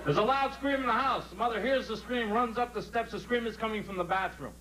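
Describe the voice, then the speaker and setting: A man's voice: very high-pitched, fast talker, bright, forceful tone, poor audio. A man doing stand-up for a live crowd, telling folksy dirty jokes and laughing at his own punchlines. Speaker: stand-up comedian.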